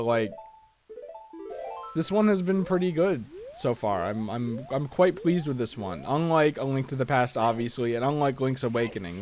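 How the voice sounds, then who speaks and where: A man chatting casually while playing a video game, rambling and self-deprecating, often restarting his sentences as he thinks aloud. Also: medium pitch. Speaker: let's play host. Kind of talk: casual gameplay commentary.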